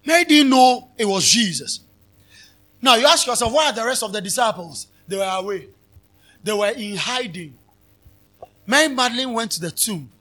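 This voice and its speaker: A man preaching a sermon as pastor at a live convention, repeating phrases and swinging between soft talk and shouts. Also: very high-pitched.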